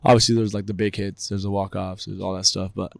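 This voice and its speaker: A man in his thirties telling stories as a guest on a podcast interview, animated and acting out what others said. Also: low-pitched, fast talker, vocal fry, no room sound. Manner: animated, acts out quotes with raised voice. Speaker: guest, baseball director. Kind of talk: casual storytelling in a podcast interview.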